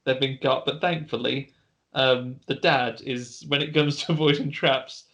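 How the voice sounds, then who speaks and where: A man's voice: mid-range voice, fairly even intonation, unhurried, a bit bright. A man casually retelling a film plot as a podcast co-host, rambling with restarts.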